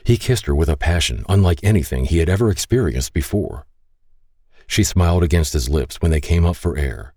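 A man narrates a romance audiobook in an extremely deep, husky voice. His intonation rises and falls in a lively way, and the tone stays dark and mellow. The recording is dry and close. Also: moderate pace, dry recording.

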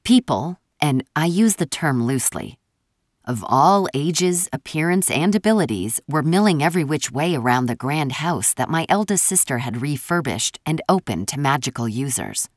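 A woman narrating a first-person fantasy audiobook with wry, expressive storytelling. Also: low-pitched, normal speed, no room sound, studio quality.

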